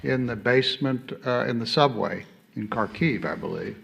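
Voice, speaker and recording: A man's voice: medium pitch, animated, normal speed, vocal fry, fairly bright tone. A middle-aged man, an ambassador on a conference panel, making his point emphatically with rhetorical questions and repeated "okay?".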